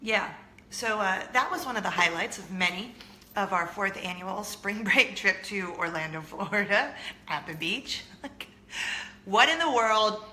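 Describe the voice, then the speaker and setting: A woman host chatting through a story in a lively, animated way, laughing often and acting out the quotes. Her voice is bright and forceful. The room gives it a roomy echo with a faint hum of ambience behind. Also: medium pitch, moderate pace. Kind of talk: casual storytelling chat.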